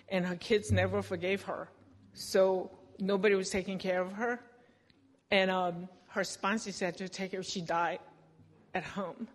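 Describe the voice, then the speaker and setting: A woman's voice: medium pitch, in a large hall. A woman telling her recovery story in a candid, self-deprecating way, often laughing at herself. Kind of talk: personal recovery testimony.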